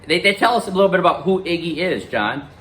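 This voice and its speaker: A man's voice: sits high, animated, quick pace, a bit bright, husky. A male teacher reading a novel aloud to his class and explaining it. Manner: guiding, explanatory.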